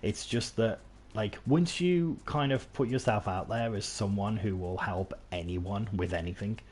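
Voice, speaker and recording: A man from England streams a game, his commentary casual and meandering, marked by self-deprecation and frequent restarts. He speaks at a measured pace in a lowish, darkish voice over slight background noise.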